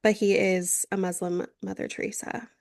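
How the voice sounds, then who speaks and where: Woman podcast cohost, loose rambly chat, swears a lot, normal pitch. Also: flat delivery, normal speed, gravelly, a little mellow. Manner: chatty, swears freely, rambling with fillers. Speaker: podcast co-host. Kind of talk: casual chat.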